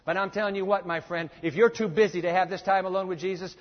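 A man's voice: high voice, fairly even intonation, quick pace. A man preaching a sermon, emphatic, repeating his points and telling listeners to jot them down. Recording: echoey dull lo-fi hall recording.

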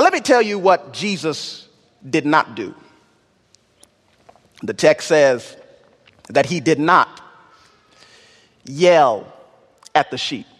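A man preaching a sermon in a church, animated, using call-and-response and rhythmic repetition. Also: a little high. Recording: long church reverb.

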